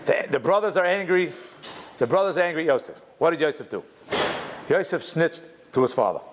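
Animated man teaching a Torah class. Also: fairly high pitch, a little fast. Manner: animated, restarts often, mixes Hebrew terms. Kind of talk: religious text class, explaining commentary.

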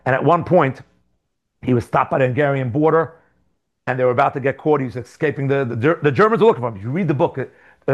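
A man teaching a casual Talmud class to students, telling stories with lively asides. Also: fairly high pitch. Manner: animated storytelling with asides. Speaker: Torah teacher.

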